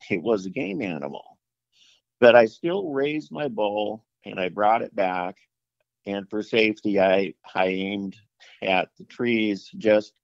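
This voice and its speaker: A middle-aged man tells an outdoors story in a slow, rambling way, stopping for fillers and restarts and voicing both sides of the talk. His voice sits a little low. The sound is dull, lo-fi and dry, with no room around it. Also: dry recording. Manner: rambling, many fillers and restarts, acts out dialogue. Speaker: outdoorsman telling an encounter story. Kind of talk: casual storytelling interview.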